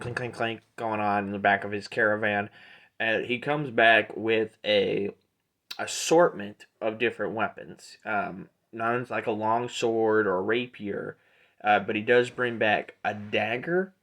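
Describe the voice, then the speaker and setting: A man narrating a tabletop role-playing game as game master, relaxed and rambling with many fillers. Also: on the low side.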